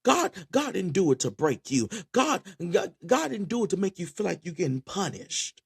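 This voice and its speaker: Male preacher with a somewhat high voice, fervent delivery, stumbles through repeated restarts. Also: very animated, vocal fry, slightly rough. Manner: impassioned, repeats words in quick restarts. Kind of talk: spoken sermon.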